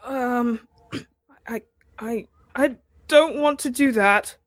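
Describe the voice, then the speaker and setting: A jittery, sweating young fawn that stammers and says sorry for its mistakes, voiced by a woman in a tabletop game. It sits a little higher than a typical woman's voice. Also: slow, no room sound. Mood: nervous. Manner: stammering, apologetic.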